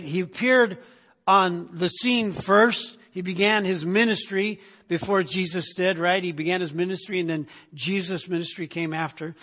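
A man preaching from the pulpit of a church sanctuary, with a voice pitched a little above the usual for a man. His delivery is loose and conversational, full of restarts and "right?" tags. A long hall reverb trails each phrase. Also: fairly bright tone. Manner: casual storytelling, many restarts and "right?" asides. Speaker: pastor. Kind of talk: sermon with personal story.

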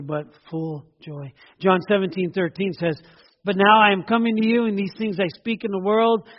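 High-voiced preacher in an echoing hall. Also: male voice. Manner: rhetorical questions, emphatic repetition. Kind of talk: sermon. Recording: dull lo-fi sound in a reverberant hall.

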